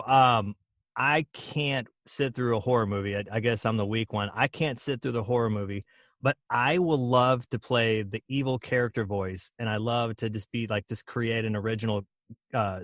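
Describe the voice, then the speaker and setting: A man's voice: medium pitch, a little fast, dry recording, clean studio sound. A man hosting a podcast interview, enthusiastic and admiring toward his guest. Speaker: podcast host. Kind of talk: casual interview chat.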